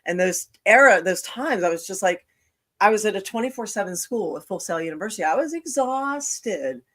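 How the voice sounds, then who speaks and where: A woman's voice: medium pitch, fairly quick, a bit bright. A woman hosting a podcast in casual chat, talking bluntly and swearing freely. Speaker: podcast host. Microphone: video call.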